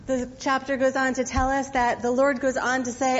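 A woman's voice: high-pitched, little pitch movement, moderate pace, hardly any pauses. A woman pastor giving a sermon, retelling the story in a conversational way with casual asides to the congregation. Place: church sanctuary. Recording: dull audio with long reverb.

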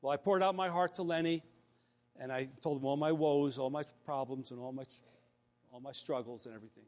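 A man's voice: mid-range voice, fairly quick, darkish tone. A man preaching a conversational sermon, often restarting phrases and acting out quotes. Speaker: pastor.

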